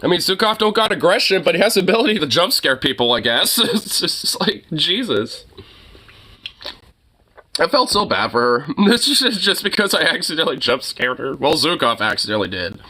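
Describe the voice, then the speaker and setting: Animated, rambling young man. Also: on the high side, moderate pace, low-quality recording. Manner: rambling, lots of "like" and swearing. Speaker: streamer chatting with viewers. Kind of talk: casual chat.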